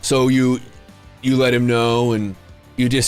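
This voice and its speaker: A man narrates a tabletop game as its game master, describing rooms and calling for rolls. His voice sits at an average pitch, and he often restarts his phrases. Faint music plays underneath. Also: a little slow.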